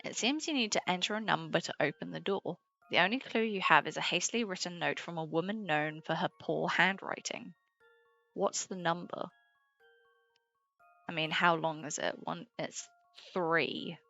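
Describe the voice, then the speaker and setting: Brief: casual British woman streamer, lowish voice, swears a lot, dull lo-fi mic. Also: normal speed, creaky, sharp tone. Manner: chatty, swears freely, laughs with chat. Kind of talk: casual game stream chat. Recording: slightly dull sound with faint game music.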